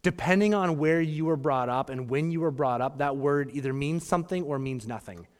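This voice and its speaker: A man in his thirties, a pastor preaching a sermon with a slightly higher voice, joking and animated, dropping to hushed asides and then rising to emphatic bursts. His voice carries a long reverb from a church hall. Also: a little fast. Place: church sanctuary.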